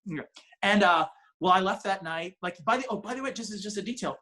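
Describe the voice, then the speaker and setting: A man's voice: high-pitched, brisk, bright, forceful tone. A male comedian telling a long, rambling, self-mocking story in a casual interview, swearing freely and restarting his sentences. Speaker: comedian guest.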